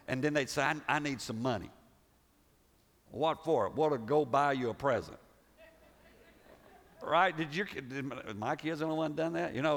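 A male pastor preaching a sermon, animated and full of rhetorical questions, often restarting his words. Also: fairly high pitch. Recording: reverberant hall.

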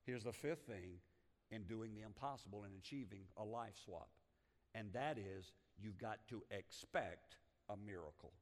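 A man's voice: lowish voice, measured pace, long reverb tail. A man preaching a sermon as a pastor, talking emphatically with frequent restarts and building in volume.

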